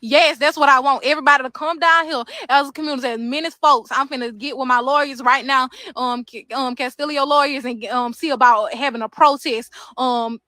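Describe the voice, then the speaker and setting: A woman recounts her experience in a lively, upset way, quoting what people said to her. Her voice sits high and bright, and it sounds dry and close. She talks outside near the building. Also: brisk, hardly any pauses, no room sound. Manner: upset, animated retelling with quoted dialogue. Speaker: inmate's sister recounting a prison visit. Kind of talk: casual first-person account. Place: outdoors near a prison.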